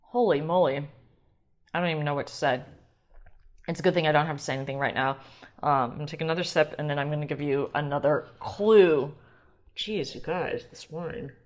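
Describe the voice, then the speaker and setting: A woman hosting a wine podcast alone, talking casually and excitably and often sidetracking herself. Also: low voice, fairly quick. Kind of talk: casual solo wine talk.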